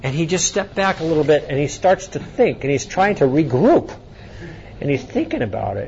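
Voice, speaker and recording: A man giving a conference lecture, telling an anecdote in an animated storytelling way. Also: fairly high pitch, fairly quick, lo-fi sound, slight background noise. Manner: animated storytelling, acting out both sides of a dialogue. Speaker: speaker at a conference.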